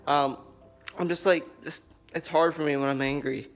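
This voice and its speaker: A young man talking earnestly to camera in a vlog, halting and restarting as he speaks. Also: fairly high pitch, steady tone, gravelly, faint music behind. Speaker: vlogger. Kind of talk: personal talk to camera.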